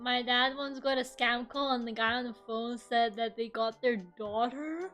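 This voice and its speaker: A woman's voice: fairly high pitch, steady tone, normal speed, fairly bright tone, faint music behind. A young woman from Russia chatting casually during an art stream, swearing freely, laughing often and rambling. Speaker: VTuber streamer.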